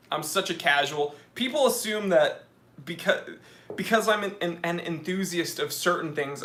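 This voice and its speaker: A man's voice: a little high, pushed and bright. A man hosting a casual live stream Q&A, chatting and joking while reading out viewer comments. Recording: echoey room.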